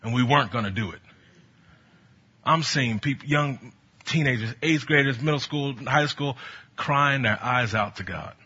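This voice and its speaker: Man preaching, husky voice, piercing bright tone, muffled lo-fi recording, animated storytelling. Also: medium pitch, unhurried. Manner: animated, storytelling, rising to bold exhortation. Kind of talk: sermon with personal stories. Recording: dull lo-fi sound.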